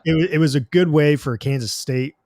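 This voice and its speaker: A man's voice: on the high side, fairly quick, darkish tone, no room sound, clean studio sound. A man hosting a casual sports podcast, talking in an easygoing way with lots of fillers and plugging the next episode. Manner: easygoing, many fillers, promotes upcoming show. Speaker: podcast host.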